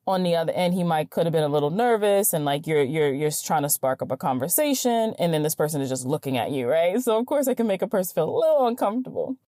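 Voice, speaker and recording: A woman podcast host telling a story in an animated, chatty way, acting out the dialogue. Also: fairly low pitch, no room sound, studio quality. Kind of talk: casual storytelling.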